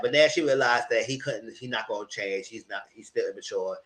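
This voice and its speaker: A man giving casual, gossipy reality TV commentary, animated and freely profane. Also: lowish voice, brisk.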